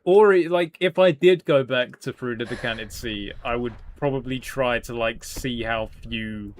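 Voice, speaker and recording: A man's voice: mid-range voice, a little slow, slight background noise. A British man streaming a game, chatting casually in a rambling, self-deprecating way with lots of "like" fillers. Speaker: gaming streamer. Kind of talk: casual stream chat while playing.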